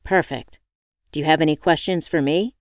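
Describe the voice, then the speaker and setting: A woman reading the part of a formal male hiring manager, businesslike and brisk. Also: a little high, steady tone, no room sound, studio quality, natural voice.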